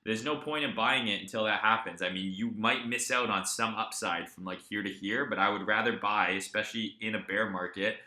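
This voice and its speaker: A man's voice: lowish voice, brisk, few pauses, reverberant. A man hosting a live crypto trading stream, chatting casually and telling stories with a lot of swearing. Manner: profane, animated storyteller.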